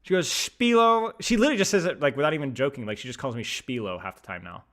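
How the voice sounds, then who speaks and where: A man's voice: medium pitch, racing. A young man streaming, chatting casually while reading words aloud and flaring into mock outrage. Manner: animated, flares into mock-outraged shouting. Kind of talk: casual pronunciation chat.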